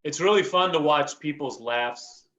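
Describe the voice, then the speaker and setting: A man playing an improv joke-telling game on a video call, with dry, quick punchlines. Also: a little high, very noisy. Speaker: improv player. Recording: roomy, muffled call audio.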